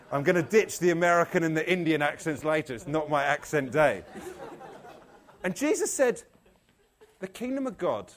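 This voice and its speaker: Brief: male preacher, animated storyteller, slightly high voice. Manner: animated storyteller, jokey, acts out the people in his stories. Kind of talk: lively sermon.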